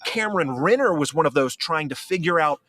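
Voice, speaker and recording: A man reporting in scripted news narration with a measured, even delivery. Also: on the high side.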